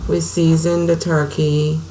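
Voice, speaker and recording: Storyteller woman, thirties, earnest and chatty, lowish voice, faint hum behind. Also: flat delivery, a little slow. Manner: earnest, conversational, drifts softer at times. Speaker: vlogger telling her life story. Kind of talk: personal storytelling to camera.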